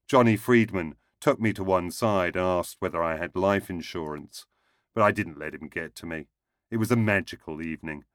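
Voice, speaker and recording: A man's voice: sits low, no room sound. A man reading a first-person short story aloud in a dry, wry manner. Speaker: narrator.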